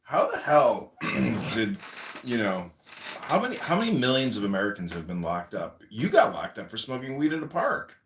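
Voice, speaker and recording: A man hosting a casual livestream chat, joking and offhand, often clearing his throat. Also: mid-range voice, huge pitch swings, normal speed, fairly bright tone, reverberant, slight background noise. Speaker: host.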